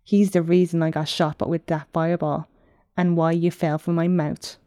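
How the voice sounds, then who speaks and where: Lady reading as a smug shapeshifting enchantress, calm and cryptic, low mellow voice. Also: normal speed, no room sound, studio quality, natural voice. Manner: calm, cryptic, mildly mocking.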